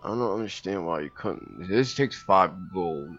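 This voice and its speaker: A man's voice: low voice, animated, a little slow, fairly bright tone, dull audio, faint music behind. A man casually commenting on a strategy game as he plays, thinking aloud and reading game text, with hiccups now and then. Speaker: gameplay commentator. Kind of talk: casual let's-play commentary.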